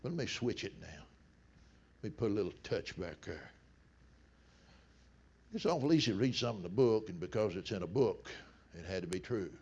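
A middle-aged man preaches in a folksy, storytelling sermon voice. His low, gravelly tone rises into loud bursts and drops to near hush. The recording sounds dull and lo-fi. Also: expressive, a little fast, pauses often.

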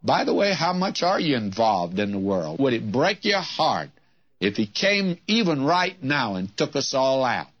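An older man preaching a sermon in a slow, deliberate way, lifting his voice when he reads scripture. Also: medium pitch, big pitch swings, fairly bright tone. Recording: dull lo-fi old sermon recording.

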